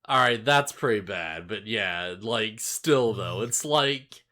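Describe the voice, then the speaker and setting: Slow, rambling young-sounding man. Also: fairly low pitch, lively intonation, bright, forceful tone. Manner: rambling, many fillers and restarts; laughs often. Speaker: podcast co-host. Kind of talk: casual anime discussion.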